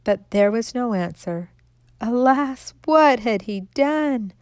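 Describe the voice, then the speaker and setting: A woman narrating a classic fairy tale aloud in a gentle, expressive storybook manner. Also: a little high, takes it slowly, dry recording, clean studio sound.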